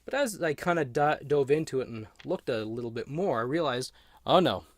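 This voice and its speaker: A man's voice: medium pitch, expressive, moderate pace, no room sound, studio quality. A man giving a chatty, easygoing toy unboxing and review, talking to the camera as he handles the figure. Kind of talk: casual unboxing commentary.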